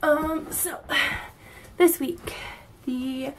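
A woman's voice: sits high, steady tone, drawn-out words. A young woman in her early twenties, chatting casually to camera as a vlogger, bubbly and gushing, a little out of breath. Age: 20s.

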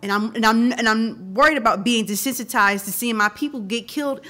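Bright-voiced, outspoken woman co-host. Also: fairly high pitch, fairly quick. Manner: outspoken, emphatic, profane. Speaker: podcast co-host. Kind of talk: casual podcast chat.

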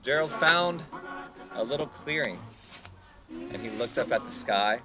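A man leading an online music lesson for children outdoors, reading a storybook in a lively, encouraging sing-song voice and guiding a dance. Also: mid-range voice, a little slow. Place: outdoors in a park. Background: music playing.

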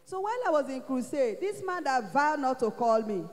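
Nigerian lady testifying in church, high pitched, acts out every quote, big hall echo. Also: brisk. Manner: animated storytelling, acting out quoted speech.

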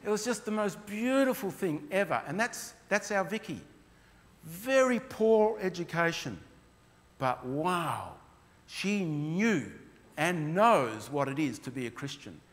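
A man's voice: on the high side, very animated, takes it slowly. A man telling heartfelt stories while presenting his mission work to a church. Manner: earnest, heartfelt storytelling. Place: church hall. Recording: long reverb of a hall.

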